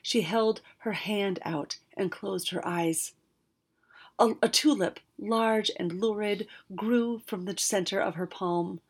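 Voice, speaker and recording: A woman narrating a fantasy storybook aloud, expressive, with occasional slips and restarts. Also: medium pitch, slow, husky.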